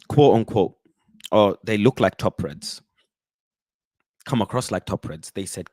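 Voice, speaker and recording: A man from the UK hosting casual football chat, animated and slangy, often breaking into chants and impressions. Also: lowish voice, unhurried, long pauses, dry recording. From United Kingdom. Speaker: football channel host.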